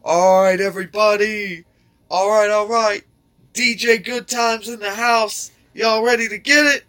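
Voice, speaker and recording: A man mimicking a club DJ hyping up the crowd on the mic, loud and drawn out. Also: steady tone. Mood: hyped. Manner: loud, high and drawn-out hype. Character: hyped-up male club DJ on the mic.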